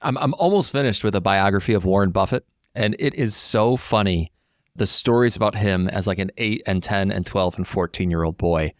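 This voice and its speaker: Low-voiced man hosting a podcast. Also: a little fast, no room sound, studio quality. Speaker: podcast host. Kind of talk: casual podcast conversation.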